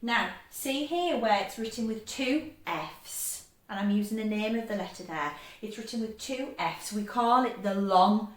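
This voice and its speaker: A woman teaching a phonics lesson to young children, encouraging and stretching sounds out slowly. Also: mid-range voice, echoey room. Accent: English.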